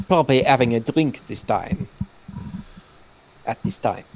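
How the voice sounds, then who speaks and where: Gravelly man reading game text. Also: mid-range voice, animated, a little slow, a little mellow. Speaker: let's play host. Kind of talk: reading game text aloud with casual commentary.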